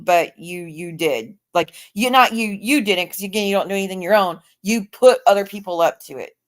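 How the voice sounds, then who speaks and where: A woman's voice: medium pitch, a little fast, few pauses. Heated, profane woman ranting on a livestream. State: tired. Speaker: livestream host. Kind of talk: angry livestream rant.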